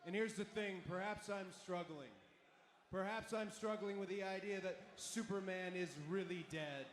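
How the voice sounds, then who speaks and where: A man cutting an arena wrestling promo over a handheld mic, mocking and emphatic, sometimes shouting. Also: sits high, normal speed. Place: large indoor arena. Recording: echoey arena broadcast audio with noise.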